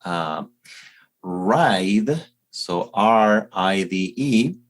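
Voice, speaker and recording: A man's voice: fairly low pitch, animated, drawn-out words. Argentine man asking English questions. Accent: Argentine Spanish. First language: Spanish. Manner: inquisitive, repeats himself to frame questions. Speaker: co-host and English learner. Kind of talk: casual chat asking language questions.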